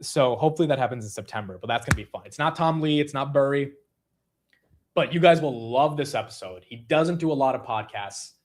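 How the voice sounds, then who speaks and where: A young man hosting a casual livestream, laughing at himself and reacting quickly to the chat. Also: mid-range voice. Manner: animated, self-mocking, reacting to chat. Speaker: livestream host.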